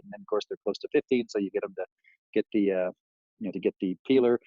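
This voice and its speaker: A man's voice: on the low side, steady tone, fast talker, mellow, husky, no room sound, lo-fi sound. A man giving a sales training talk, rambling with many fillers and acting out lines he would say to customers.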